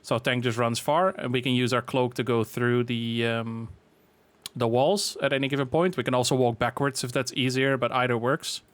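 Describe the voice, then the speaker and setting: A man's voice: mid-range voice, moderate pace, dry recording. Man casually explaining a game boss. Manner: relaxed, filler-heavy explaining. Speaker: game guide creator. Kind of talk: casual walkthrough of a raid boss.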